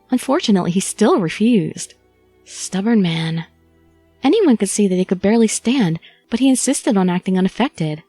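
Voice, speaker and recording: A woman's voice: medium pitch, big pitch swings, moderate pace, mellow, no echo, soft background music. A woman reading a first-person audiobook story expressively, as the channel host. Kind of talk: audiobook narration and chatty outro.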